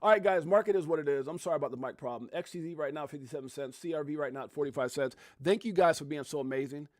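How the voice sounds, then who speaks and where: Animated man hosting a crypto livestream. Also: a little high, very fast. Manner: animated, talks straight to chat, swears mildly. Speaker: livestream host. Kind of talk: casual livestream chat. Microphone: desktop microphone.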